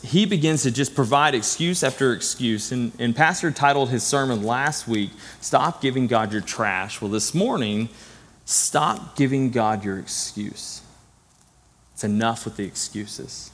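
A young man preaching a sermon, telling a story in an animated, earnest way, with prayer and scripture. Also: mid-range voice, measured pace. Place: church sanctuary. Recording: long hall reverb.

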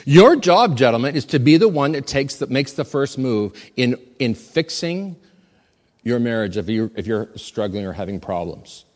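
Animated preaching man in a reverberant hall. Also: mid-range voice, normal speed. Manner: animated preaching, calls for audience repetition, jokes with congregation. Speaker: pastor. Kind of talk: sermon. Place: church sanctuary. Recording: long reverb of a large hall.

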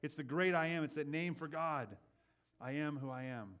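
A man preaching a sermon in an earnest way. He often checks in with the listeners with a quick "right?" and repeats words as he builds his points. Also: on the high side, a bit bright. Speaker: pastor.

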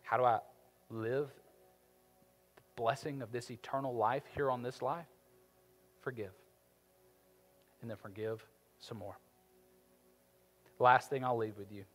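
A man preaching a sermon as pastor, with emphatic delivery that swings from quiet to loud. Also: mid-range voice. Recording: reverberant hall with faint music.

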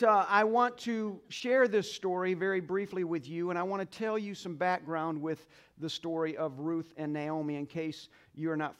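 A male pastor preaching a sermon to a congregation, leading call-and-response, swinging between quiet asides and loud exclamations. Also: high voice. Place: church sanctuary.

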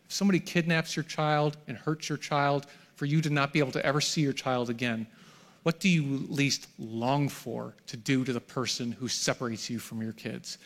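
A middle-aged man preaching to a live congregation, his voice sitting at an ordinary, mid-range pitch. He drops to hushed, breathy lines, then builds to loud, shouted climaxes. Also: fairly even intonation, moderate pace. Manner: dramatic swings from hushed to shouted. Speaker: pastor. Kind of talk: sermon. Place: church hall, live before a congregation.

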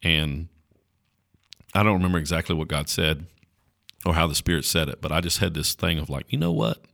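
A man with a low voice and a rural North Carolina accent speaks as a pastor in a relaxed interview. His delivery is folksy and earnest, bright and forceful in tone, and he often restarts his sentences. The recording is close and dry. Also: fairly quick, creaky, dry recording. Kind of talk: casual conversational interview.

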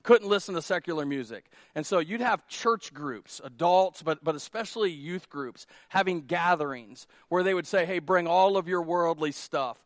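A high-pitched man preaching a sermon to his congregation. He talks casually, jokes along the way, and drives his main points home by repeating them with force. His voice is close and dry, with no room echo. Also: normal speed, hardly any pauses. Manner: conversational preaching with jokes, rising to emphatic repeated lines. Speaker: pastor. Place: church sanctuary.

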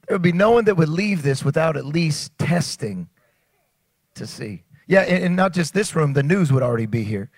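A man preaching a sermon, animated, often stammering and restarting, sometimes rising to shouts. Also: fairly high pitch, moderate pace, no room sound. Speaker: pastor.

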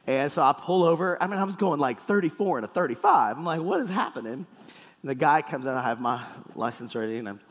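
A man preaching a sermon with playful, animated storytelling in a church hall. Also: on the high side, fast. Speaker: pastor. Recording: echoey hall.

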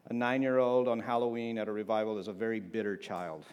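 A man's voice: on the low side, fairly even intonation, fast talker, darkish tone, lo-fi sound, slight background noise. A man preaching a sermon in a conversational, humorous way, often asking the congregation for an amen. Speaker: pastor.

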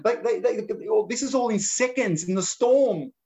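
A man's voice: very high-pitched, moderate pace, darkish tone. A man preaching a sermon in an earnest, conversational way, often restarting his phrases.

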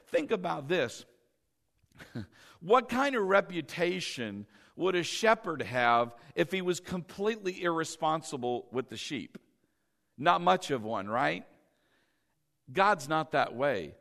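A middle-aged male pastor preaching a sermon, asking questions and answering them himself, and getting louder on the key lines as he leads the congregation in repeating them. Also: fairly high pitch, animated, takes it slowly, vocal fry.

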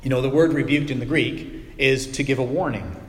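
A pastor preaching a sermon, conversational and teaching, with dramatic pauses and hushed, soft asides. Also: male voice, medium pitch. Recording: long hall reverb.

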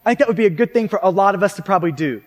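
A male preacher with a very high voice for a man, delivering a sermon in a chatty, conversational way. He keeps checking in with the listeners and often restarts his sentences. His voice trails off into the long reverb of a large church hall. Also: lively intonation, rapid-fire. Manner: conversational, frequent tag questions and restarts. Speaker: pastor.

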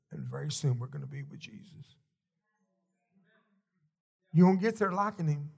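Brief: middle-aged male preacher, gravelly, slightly high, folksy storyteller who swells to shouts. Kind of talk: sermon storytelling.

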